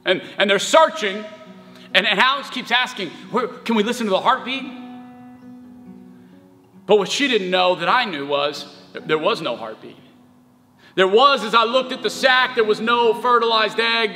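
A man's voice: sits high, normal speed. A young man preaching a sermon as pastor, telling a personal story in an earnest, heartfelt way. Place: church sanctuary. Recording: reverberant church hall with soft music.

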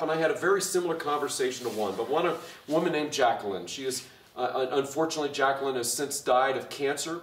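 A male pastor preaching a blunt, impassioned sermon full of rhetorical questions. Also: mid-range voice. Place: church hall. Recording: echoey room, voice from far off the mic.

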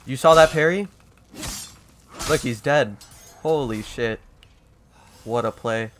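A man giving casual let's-play commentary, excitable and profane, trash-talking the game as he plays. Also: mid-range voice, slow pace, a little hiss or hum. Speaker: gaming YouTuber.

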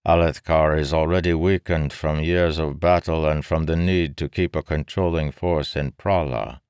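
A man voicing a sly, amused male king who bargains with calm, needling persuasion in an audiobook. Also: rumbling low, normal speed, dry recording, clean studio sound, voice pushed up. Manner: smooth, needling, calmly persuasive. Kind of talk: audiobook character voice.

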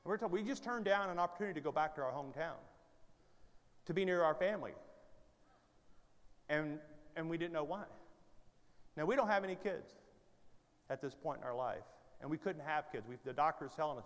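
A middle-aged male preacher with a high voice tells a story from the pulpit, playful and animated, teasing the congregation as he goes. His voice rings out with a long reverb through a large church hall. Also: a little fast, pauses often. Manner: animated, self-deprecating humor, playful asides to the crowd. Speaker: guest preacher. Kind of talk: storytelling sermon.

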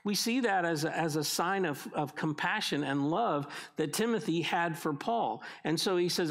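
A middle-aged man is preaching a sermon, and his voice sits a little higher than most men's. He talks to the congregation in a conversational way, often doubling back and restarting his sentences. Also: normal speed, creaky, hardly any pauses, fairly bright tone. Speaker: pastor.

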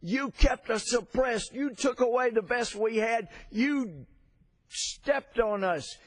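Man voicing a proud, defiant young singer, high and insistent. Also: expressive, takes it slowly, creaky, no echo, exaggerated voice. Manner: yelling, impassioned.

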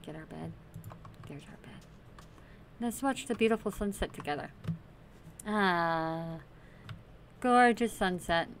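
A woman's voice: fairly low pitch, slow, pauses often, a little hiss or hum. A woman host casually commenting on her Minecraft play, chatty and playful, talking to the game's characters. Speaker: gaming channel host.

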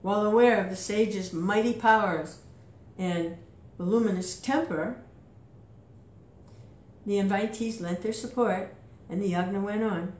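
A woman's voice: mid-range voice, a little mellow, a little hiss or hum. A woman reading an epic story aloud with occasional casual asides and filler words. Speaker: reader. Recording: roomy echo.

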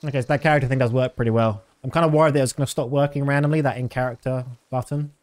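Male streamer, thirties, mid-pitched, easygoing chat full of fillers. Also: rapid-fire. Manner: rambling, relaxed, many fillers. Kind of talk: casual gameplay commentary.

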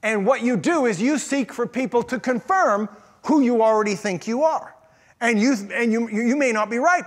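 A man preaching a sermon as pastor, asking the congregation questions in a conversational way. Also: extremely high pitch. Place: church.

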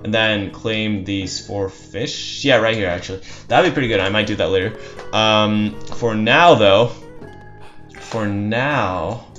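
A man with a lowish, fairly bright voice takes his time narrating his own strategy game match live. He rambles casually, poking fun at himself with a dry, sarcastic edge. The audio comes from a dull lo-fi mic, with faint music underneath.

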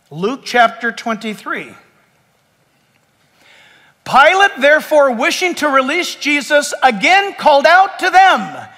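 Preacher guy, high bright voice, big reverb from the church hall. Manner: preaching with animated, rising emphasis. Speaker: pastor. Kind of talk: sermon.

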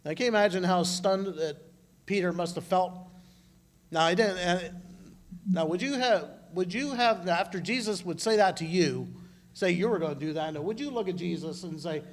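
A man giving an informal sermon at a church service, talking in a halting way with frequent restarts. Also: high voice. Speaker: church speaker. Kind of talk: conversational sermon. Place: church service, live broadcast.

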